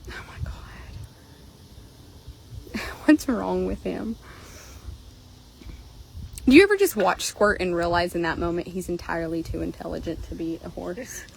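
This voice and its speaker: A woman's voice: on the low side, measured pace, gravelly, pauses often, slight background noise. A woman hosting a casual vlog, chatting animatedly and swearing freely while filming horses outdoors on a handheld phone. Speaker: horse trader and channel host. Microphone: handheld phone camera.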